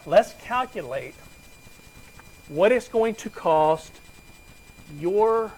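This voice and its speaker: A man's voice: sits high, expressive, extremely slow, darkish tone, breathy edge, low-quality recording. A man giving a conversational finance lecture to a class, asking students questions and joking with them.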